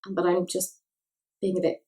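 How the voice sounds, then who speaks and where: Speaking in a lowish, mellow monotone at normal speed, this young woman from Ireland chats through her makeup routine as a vlogger. She's self-mocking and keeps drifting into rambling asides.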